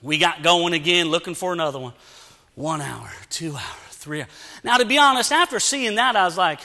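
Animated high-voiced preacher in a reverberant church. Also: male voice, moderate pace, gravelly. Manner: animated, acts out sounds and dialogue. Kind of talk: storytelling sermon. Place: church sanctuary. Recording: long church-hall reverb.

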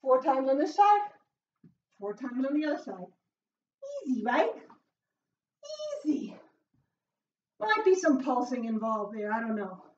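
A woman leading a home workout as a fitness instructor, cheering with loud whoops and getting out of breath as she exercises. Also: high-pitched, sing-song, normal speed. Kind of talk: live workout coaching. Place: small closed room at home. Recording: roomy, distant, dull sound.

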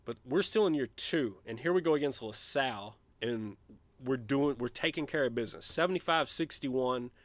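A man streaming a college basketball management game, chatting casually and shouting gleeful trash talk when his team wins. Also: medium pitch, moderate pace, no room sound. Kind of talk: let's play commentary.

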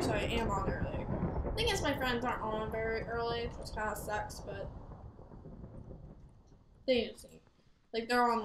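A woman chatting and rambling through gameplay commentary, giggling and breaking into loud exclamations. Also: on the high side, noisy background. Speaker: gaming channel host. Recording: roomy echo.

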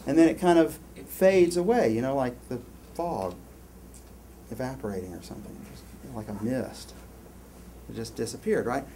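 A man giving a university lecture, rambling and animated, with many restarts and asides to the class. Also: mid-range voice, normal speed, slight background noise. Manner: animated, rambling, lots of self-interruptions. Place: lecture hall.

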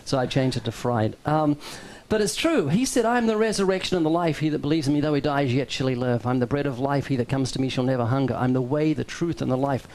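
A man's voice: mid-range voice, fast, hardly any pauses, a little mellow, low-quality recording. A man hosting a casual talk show, wry and joking, turning preacherly when he quotes scripture. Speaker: host.

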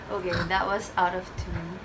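A woman DJ reacting to a music video in a casual vlog, gushing with excited exclamations. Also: on the low side, takes it slowly, noisy background. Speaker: DJ and reaction vlogger. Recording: music video playing loudly behind the voice. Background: music video playing.

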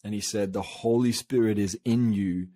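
A man's voice: lowish voice, steady tone, normal speed, warm tone, no room sound. A man from Australia, a coach, telling a long personal story in a casual interview, rambling with many fillers and restarts. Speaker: guest, coach.

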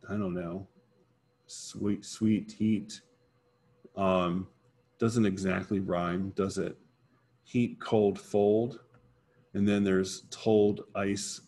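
A man giving an informal poetry lesson in a somewhat low voice. He talks slowly, thinking aloud and correcting himself as he works through each point. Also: darkish tone. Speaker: teacher.

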